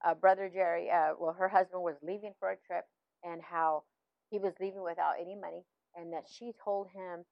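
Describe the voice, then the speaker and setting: A middle-aged woman, a minister's wife, telling a personal faith testimony in casual talk, animated, with many fillers and restarts. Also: on the low side, a little fast, vocal fry, no echo. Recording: dull, slightly lo-fi, dry sound.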